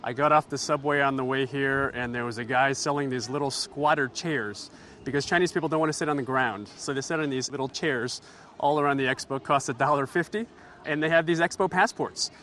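A man's voice: medium pitch, a little fast, fairly bright tone, a little hiss or hum. A man reporting on location from outdoors at a busy expo for the radio, giving wry, analytical commentary.

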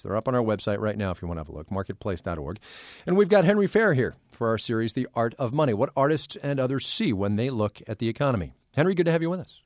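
A man hosting a radio interview, asking relaxed, conversational questions with a few hesitations. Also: medium pitch, dry recording, studio quality. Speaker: radio show host. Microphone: studio mic.

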